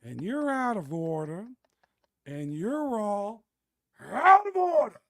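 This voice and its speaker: Brief: man impersonating an older film star yelling a courtroom rant, dry close sound. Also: high-pitched, very animated, slow pace, dry recording, voice pushed up, exaggerated voice. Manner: shouting, drawn out.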